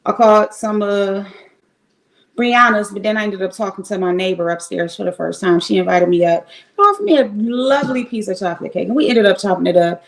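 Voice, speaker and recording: A woman's voice: medium pitch, expressive, a little fast, poor audio. Chatty woman streamer rambling to her viewers. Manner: chatty, rambling, frank, swears. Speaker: livestreamer. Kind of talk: casual chat with live viewers. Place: home in Cleveland. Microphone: streaming setup at home.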